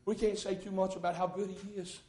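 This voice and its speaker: A man preaching a sermon in a church, folksy and rising into fervent shouts. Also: high voice, little pitch movement, brisk. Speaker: pastor. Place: church sanctuary. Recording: echoey church room.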